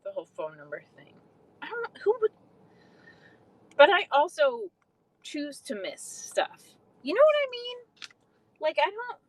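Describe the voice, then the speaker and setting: Young woman ranting on her stream, swears a lot, super expressive voice going up and down. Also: very high voice, a little slow, long pauses, low-quality recording. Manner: animated, swears freely, reads and answers viewer comments. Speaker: livestream host. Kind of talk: casual livestream chat.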